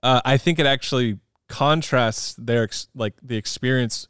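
A man co-hosting a casual movie discussion podcast, talking in a thoughtful, halting way with frequent ums. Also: mid-range voice, fairly bright tone, smooth, no room sound, clean studio sound. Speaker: podcast co-host.

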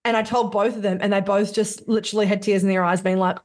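A woman guesting on a podcast, talking in a loose, gushing, animated way and dropping swear words freely. Her pitch sits in the middle for a woman. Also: quick pace. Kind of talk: casual conversational storytelling.

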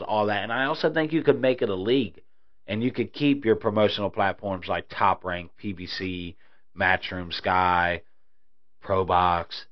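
A man hosting a podcast, ranting in a heated, profane way in casual talk, in dull lo-fi audio. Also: lowish voice. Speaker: podcast host.

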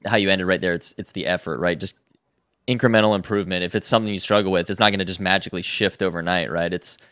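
Smooth low-voiced podcast host. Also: male voice, fairly even intonation, fast talker, fairly bright tone, no room sound, clean studio sound. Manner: thoughtful, loose, many fillers. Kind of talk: casual chat.

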